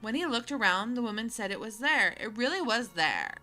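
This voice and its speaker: A woman's voice: medium pitch, animated, unhurried, bright, forceful tone, soft background music. Woman doing a bubbly Valley Girl schoolgirl. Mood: gossipy.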